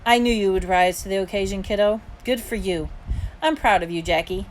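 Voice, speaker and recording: A woman's voice: mid-range voice, a little fast, slight background noise, close to an everyday voice, poor audio. Woman doing a mother of two boys, firm, scolding, caring, storybook reading. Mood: warm. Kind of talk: audiobook reading.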